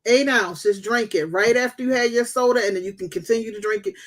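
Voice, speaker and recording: A woman's voice: on the high side, fast. A woman hosting a casual live chat, giving blunt, profane, motherly advice. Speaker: host.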